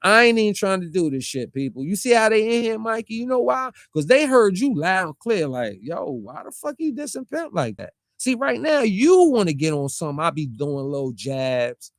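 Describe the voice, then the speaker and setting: A man's voice: a little high, dry recording, studio quality. A man delivering a heated, confrontational street-talk rant, firing rhetorical questions and mocking the person he calls out. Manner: confrontational, rapid-fire rhetorical questions, mocking quoted voices. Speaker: online commentator.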